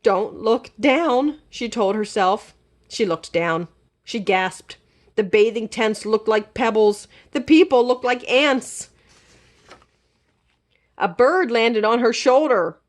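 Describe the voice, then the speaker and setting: A woman librarian reading a children's chapter book aloud in an expressive, animated manner. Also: fairly high pitch, takes it slowly, long pauses.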